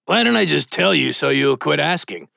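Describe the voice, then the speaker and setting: Casting: man playing a chatty dude, pitched up, bouncy. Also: moderate pace, gravelly, no echo, studio quality, heavily acted. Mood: excitable. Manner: excitable, slangy. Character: goofy young male slacker, chatty.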